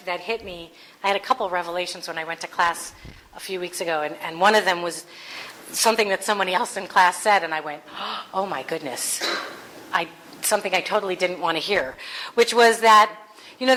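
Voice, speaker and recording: Bright-voiced woman giving a sermon. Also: medium pitch, rough recording. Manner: earnest, conversational, with playful asides. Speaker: minister.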